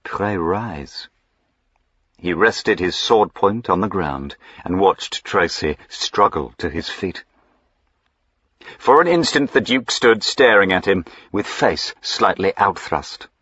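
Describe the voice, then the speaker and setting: A man narrating a historical novel as an audiobook in a measured, even storytelling manner. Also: low voice, breathy edge, dry recording, lo-fi sound.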